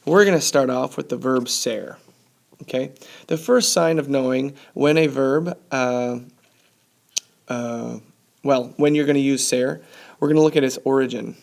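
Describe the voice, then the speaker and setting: A man's voice: mid-range voice, creaky, darkish tone. A man teaching a Spanish grammar lesson to his class, upbeat and often checking in with "okay?".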